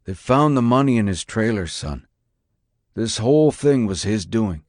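A man voicing a gruff middle-aged father in an audiobook, speaking low and heavy. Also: expressive, a little slow, darkish tone, dry recording, clean studio sound. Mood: regretful.

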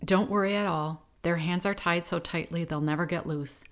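A woman's voice: fairly low pitch, fairly even intonation, moderate pace, lightly acted. A woman voicing a determined woman rescuer in an audiobook, speaking firmly and reassuringly. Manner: firm, reassuring.

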